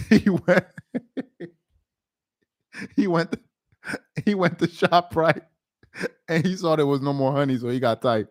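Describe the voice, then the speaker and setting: A man's voice: a little high, steady tone, slow pace, pauses often, no room sound, studio quality. A man doing casual live-stream sports commentary, laughing often and trash-talking.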